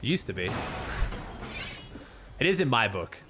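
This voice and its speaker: A man's voice: medium pitch, big pitch swings, a little slow, background noise. A young Australian man streaming casually, laid-back and cursing freely as he thanks viewers and comments on the game.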